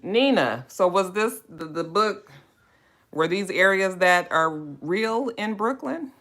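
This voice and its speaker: A woman's voice: mid-range voice, animated, takes it slowly, a bit bright. A woman hosting a book club livestream, greeting viewers by name in a chatty, drawling way. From West Coast of the United States. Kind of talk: casual livestream chat.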